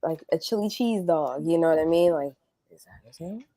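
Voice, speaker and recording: A woman's voice: sits low, fairly quick, warm tone, no echo. Blunt, joking podcast woman. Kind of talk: casual chat.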